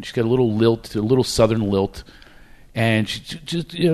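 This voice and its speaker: A man's voice: fairly low pitch, normal speed. A man from Philadelphia who hosts a podcast, chatting casually and telling earnest anecdotes. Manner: earnest, anecdotal, frequent backchannels. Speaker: podcast host. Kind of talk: casual chat.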